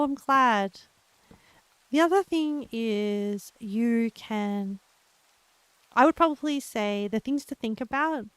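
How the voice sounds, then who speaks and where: A young woman with an Australian accent, chatting gently and encouragingly with her live viewers as a streamer, laughing often. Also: mid-range voice, no room sound. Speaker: livestreamer. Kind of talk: casual chat with live viewers.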